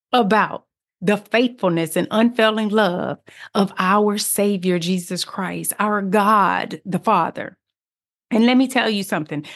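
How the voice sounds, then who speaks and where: A woman hosting a faith podcast, sharing her testimony and reading scripture with an earnest, preaching delivery that grows fervent. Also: lowish voice. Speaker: podcast host.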